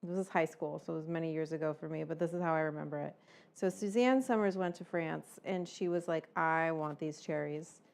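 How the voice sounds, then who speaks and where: A woman's voice: sits low, fast talker, gravelly, a little mellow. A middle-aged woman hosting a casual cooking livestream, rambling and swearing, with lots of fillers as she chats with viewers. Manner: rambling, chatty and profane, with frequent fillers. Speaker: cooking show host.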